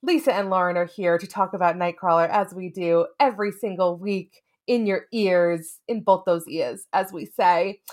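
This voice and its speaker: A woman's voice: fairly low pitch, normal speed, darkish tone. A woman co-hosting a casual podcast, playful and rambling, swearing for emphasis. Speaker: podcast co-host.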